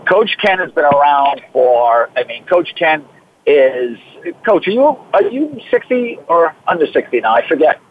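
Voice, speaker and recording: A man's voice: fairly high pitch, sing-song, a little slow, slight background noise. Enthusiastic Boston man on a phone line. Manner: rambling, enthusiastic. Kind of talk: casual radio talk.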